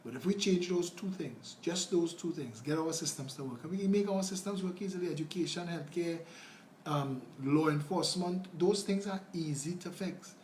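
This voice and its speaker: A man's voice: on the high side, moderate pace, darkish tone. A man with a Trinidadian accent, a political candidate talking earnestly on a casual livestream and answering viewer comments. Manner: earnest, rambling, conversational. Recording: roomy with faint noise.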